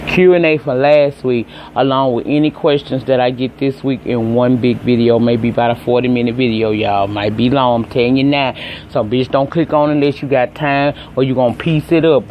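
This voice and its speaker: Southern man, episode recapper, talks straight to the viewers, blunt and cussing, middle pitch. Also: slight background noise. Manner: chatty, profane and emphatic, talks straight to viewers. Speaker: TV episode reviewer. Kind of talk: casual recap and commentary.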